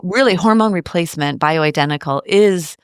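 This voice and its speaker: Recorded dry in a clean studio, an interview guest speaks in a smooth, lowish voice at a normal pace. She's an American woman in her late fifties who chats with animation, peppering her stories with rhetorical asides in a casual conversation.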